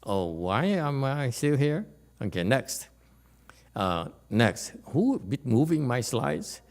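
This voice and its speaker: A man giving a lecture at a temple, animated and teasing, often checking whether the audience understands. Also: mid-range voice, takes it slowly. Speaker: Buddhist teacher. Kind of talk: dharma lecture.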